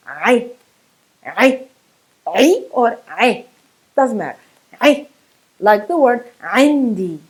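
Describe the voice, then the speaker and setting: A woman's voice: medium pitch, a bit bright, poor audio. A woman whose first language is Arabic gives an online pronunciation lesson, demonstrating throaty sounds and laughing at herself. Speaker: Arabic teacher.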